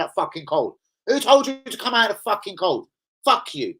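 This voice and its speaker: A man's voice: sits high, very animated, moderate pace, sharp tone, breathy edge. Angry guy ranting on his stream, swears constantly, fired up. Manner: angry, profane, heated. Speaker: football fan streamer. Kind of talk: live stream rant.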